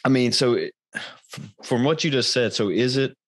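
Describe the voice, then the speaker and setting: A man hosting a podcast, asking questions in a relaxed, casual way. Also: mid-range voice, moderate pace. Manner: relaxed, brief affirmations. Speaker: podcast host. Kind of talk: casual interview.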